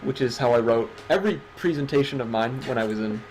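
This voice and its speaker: A man's voice: mid-range voice, fast talker, darkish tone, slight background noise, poor audio. A man co-hosting a livestreamed awards show, chatting casually with sarcastic jokes and casual swearing. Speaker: stream co-host. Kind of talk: casual stream chat.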